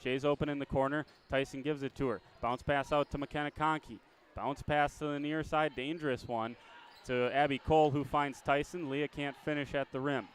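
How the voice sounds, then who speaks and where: Man calling high school basketball play-by-play. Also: flat delivery, normal speed, few pauses, slight background noise. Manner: chatty, self-correcting, chuckles at himself. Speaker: play-by-play announcer.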